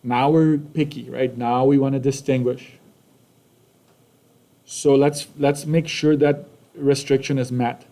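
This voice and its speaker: A man's voice: medium pitch, fairly even intonation, takes it slowly, pauses often, warm tone. A man with a Canadian accent teaching a math lesson casually, often checking in with "right?" and "okay?".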